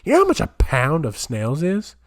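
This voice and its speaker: A man's voice: on the high side, wildly swooping pitch, moderate pace, no echo, studio quality. A young man hosting a solo comedic podcast, rambling and incredulous as he riffs while reading aloud. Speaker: podcast host. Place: small home room, camera on floor.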